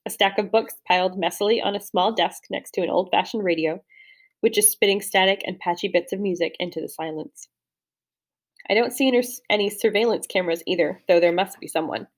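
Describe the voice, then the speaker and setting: Woman reading a novel aloud. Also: mid-range voice. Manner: steady storytelling read, with slips and restarts. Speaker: audiobook reader. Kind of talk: first-person novel narration.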